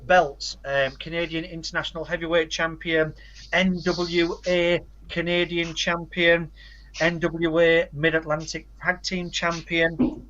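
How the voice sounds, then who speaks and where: A man's voice: on the high side, flat delivery, a little slow, pushed and bright, highs cut off. A man co-hosting a casual podcast, rattling off facts and titles with dry asides. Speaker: podcast co-host.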